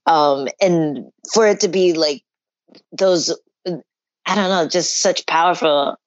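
A woman's voice: on the low side, slow pace, no echo, muffled recording. A woman chatting casually on a video call, telling stories with lots of laughter. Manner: laughs often, animated storytelling. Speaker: guest fighter and analyst. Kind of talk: casual online chat.

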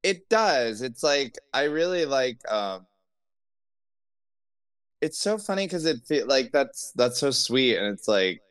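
A man's voice: medium pitch, sing-song, takes it slowly, fairly bright tone, clear, resonant tone, no echo. A man who is a drag performer, a guest on a podcast, talking earnestly in a rambling way with many restarts. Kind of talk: casual interview chat.

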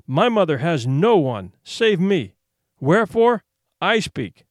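A proud boy addressing the council in stately, old-fashioned speech, played by a man reading the tale. The voice sits fairly high and swings widely in pitch. The sound is close and dry. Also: very animated, takes it slowly, no echo, full character voice. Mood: solemn defiant. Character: bold proud boy hunter, solemn.

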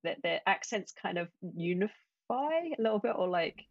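A woman's voice: medium pitch, sing-song, moderate pace, no room sound, lo-fi sound. A woman from England, chatting casually with many restarts and quoted asides. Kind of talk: casual chat.

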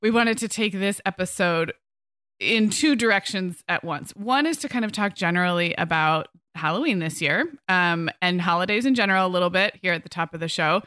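A woman's voice: on the low side, fairly quick, sharp tone, smooth, no room sound, studio quality. A middle-aged woman co-hosting a parenting podcast, chatting casually and thinking aloud with fillers. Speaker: podcast co-host.

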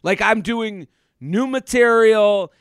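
A man co-hosting a podcast, a comedian telling animated stories and acting out what people said, in casual chat. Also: high voice, takes it slowly, clean tone, dry recording, studio quality. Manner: animated storyteller, acts out quotes.

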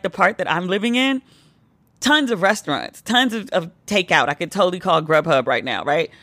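A woman's voice: medium pitch, animated, brisk, fairly bright tone, no echo. A woman hosting a podcast, tipsy and telling a playful story in a casual monologue, now and then mimicking her friends. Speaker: podcast host.

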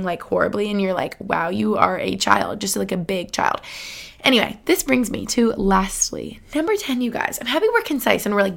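A woman's voice: medium pitch, vocal fry, a bit bright. A woman in her twenties talking casually and earnestly to her viewers, chatty and full of fillers. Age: 20s. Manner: chatty, earnest, filler-heavy with frequent laughs. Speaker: vlogger. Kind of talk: casual talk to camera.

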